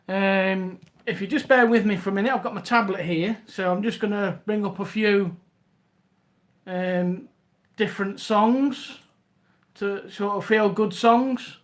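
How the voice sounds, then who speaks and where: High-voiced Scouse man chatting on a live stream. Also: steady tone, unhurried. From Liverpool, England. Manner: chatty, rambling, greets viewers by name. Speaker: reseller livestream host. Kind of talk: casual live-stream chat.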